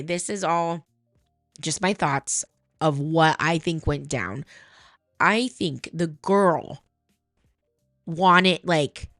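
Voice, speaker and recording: A woman's voice: lowish voice, fairly bright tone, dry recording, studio quality. A woman hosting, commenting casually and chattily, with frequent asides and swearing. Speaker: host.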